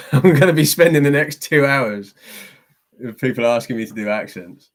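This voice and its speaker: A man's voice: mid-range voice, lively intonation, normal speed. A man hosting a live stream and answering chat, chatty and self-deprecating, laughing often as he reads the questions.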